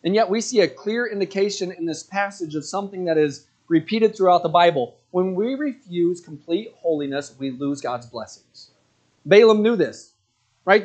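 A man preaching a sermon to his church congregation, with animated delivery that rises into indignant outbursts. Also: high voice. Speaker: pastor. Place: church sanctuary.

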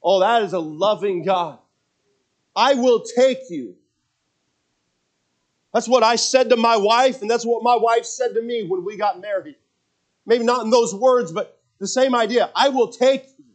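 A man preaching a sermon, moving from quiet personal storytelling to loud, emphatic preaching and reading scripture aloud. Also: sits high, normal speed. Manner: reads scripture in King James wording. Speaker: pastor.

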